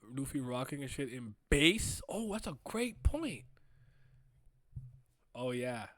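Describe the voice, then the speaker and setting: A man hosting a casual manga reading reaction, excitable, laughing often and breaking into loud trash talk. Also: mid-range voice, takes it slowly, no echo, clean studio sound.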